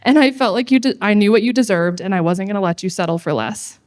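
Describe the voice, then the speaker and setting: A young woman giving a heartfelt wedding toast to her big sister, speaking in measured, read-out phrases. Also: mid-range voice, a little mellow.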